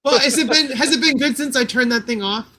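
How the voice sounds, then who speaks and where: A woman's voice: high voice, quick pace, sharp tone. A woman guest on a casual interview stream, sarcastic and teasing, swearing freely.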